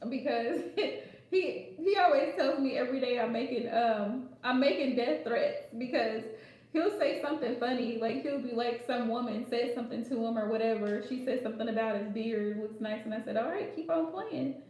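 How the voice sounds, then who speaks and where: A woman's voice: on the high side, steady tone, normal speed, a little mellow. A playful woman hosting a casual livestream chat, joking and laughing often as she talks. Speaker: host. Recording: very echoey room.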